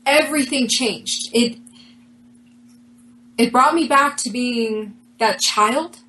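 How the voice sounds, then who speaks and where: Speaking slowly in a voice on the high side, a woman in an interview earnestly recounts a personal story, acting out the dialogue with animated quotes along the way. The recording quality is low.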